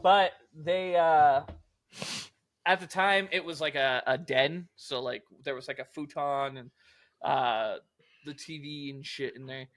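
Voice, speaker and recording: A man's voice: mid-range voice, a little slow, sharp tone, dry recording, clean studio sound. A young man casually telling a long story on a podcast, rambling and swearing with lots of filler words. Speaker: podcast co-host.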